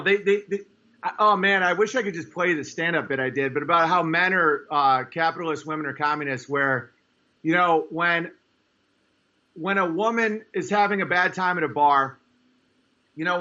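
A high-pitched man with a bright, forceful edge talks at length as a guest. He rambles and pushes his points hard, and he imitates other people in squeaky put-on voices. The sound is slightly muffled and lo-fi. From New York State. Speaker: guest, stand-up comedian. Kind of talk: casual conversation on a podcast.

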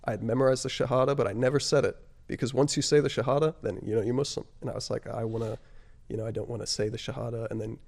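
A man with a noticeably gravelly, fry-edged voice at an ordinary middle pitch tells his story as an interview guest. He speaks in a halting, reflective way, leaning on fillers and letting his voice sink softer on the heavier moments. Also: fairly even intonation. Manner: halting and reflective, frequent "like" and "you know" fillers. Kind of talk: casual personal storytelling.

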